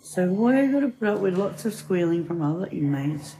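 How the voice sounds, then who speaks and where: Lively woman, rambling chat. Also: fairly low pitch, normal speed, a little hiss or hum. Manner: chatty storyteller. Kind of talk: rambling casual chat and joke telling.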